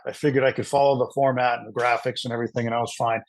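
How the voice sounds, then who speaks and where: A middle-aged man, a sports broadcaster, telling a long anecdote in an interview with lively asides and frequent fillers. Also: mid-range voice, racing, no room sound, poor audio. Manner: animated anecdotal storyteller with fillers. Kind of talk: storytelling in an interview.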